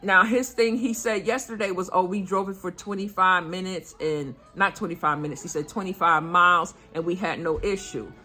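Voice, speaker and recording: A woman's voice: fairly low pitch, moderate pace, hardly any pauses, bright, forceful tone. An older woman, telling a personal story in a chatty, earnest way, quoting what others said. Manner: chatty, earnest, retelling with quoted dialogue. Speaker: vlogger. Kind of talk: casual storytelling vlog.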